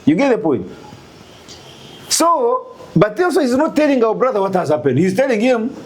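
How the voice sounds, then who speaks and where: A Ugandan man telling a story in an interview, animated and full of rhetorical questions. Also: very high-pitched, normal speed, pauses often. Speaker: guest.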